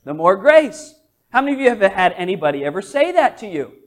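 A man's voice: high-pitched, big pitch swings, a little fast. A man preaching a sermon in a church service, emphatic and asking his congregation questions. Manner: emphatic, questioning the congregation with rising repeated phrases. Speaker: pastor.

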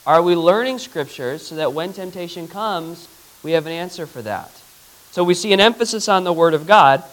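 A man, a pastor, giving an interactive Bible teaching in a conversational way, asking the congregation questions and reading Scripture aloud slowly. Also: fairly high pitch, lively intonation, a bit bright, poor audio.

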